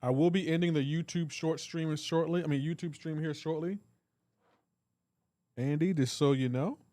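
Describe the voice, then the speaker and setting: A man's voice: a little high, normal speed, dark tone, no echo, clean studio sound. A man hosting a live game stream, joking around in casual chat and answering his viewers' comments aloud.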